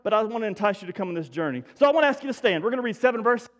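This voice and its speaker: A man's voice: high voice, animated, racing, in a large hall. A man preaching a sermon as pastor, folksy and self-deprecating, with many restarts. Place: church sanctuary.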